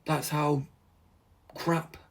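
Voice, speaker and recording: A man from the UK chatting casually through an unboxing vlog, rambling and easily excited. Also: on the high side, extremely slow. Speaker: vlogger.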